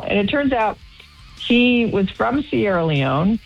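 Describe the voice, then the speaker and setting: A woman guest telling lively stories in a casual radio interview, laughing now and then. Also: on the high side, slow pace, muffled recording, soft background music. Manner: animated storytelling, with laughs. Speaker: guest actress.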